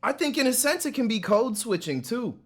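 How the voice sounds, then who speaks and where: A man's voice: very high-pitched, very animated, a little fast, husky. A man streaming casually, reacting to a video in loose slangy talk full of fillers and laughs. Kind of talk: casual chat.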